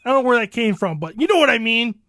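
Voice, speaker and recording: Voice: mid-range voice, very animated, quick pace, a bit bright, no echo, clean studio sound. Crude, exasperated podcast ranter. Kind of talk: profane comedic rant.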